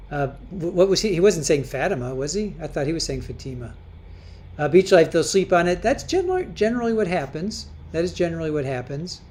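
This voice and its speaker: A woman with a lowish, darkish voice hosts a casual livestream. She chats while reading viewer comments aloud, often repeating herself and restarting her words.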